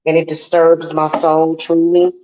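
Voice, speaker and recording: A woman's voice: sits low, completely flat delivery, measured pace, dark tone. A woman hosting a casual witchy livestream, venting bluntly and profanely to her viewers. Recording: roomy, slightly dull home sound.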